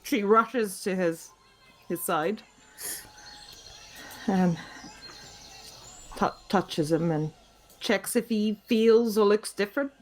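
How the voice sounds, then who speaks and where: A woman's voice: medium pitch, takes it slowly, long pauses. A woman playing in a tabletop game, describing her character's actions in an urgent, emotional way. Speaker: player. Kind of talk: in-character tabletop role-play.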